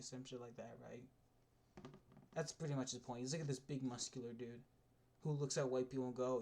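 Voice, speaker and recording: Man, mid-pitched, off-the-cuff ranting video essayist, restarts sentences, swears casually. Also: steady tone, a little fast, creaky, mellow. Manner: rambling, with frequent restarts and swearing. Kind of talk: casual spoken rant.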